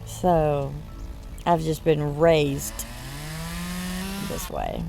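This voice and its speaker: A woman with a Southern US drawl talks slowly and with plenty of gravelly fry, in a fairly low voice. She rambles casually over her gameplay, often slipping laughs between her words. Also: huge pitch swings, music in the background. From born in Michigan, raised in the US South. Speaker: gaming channel host.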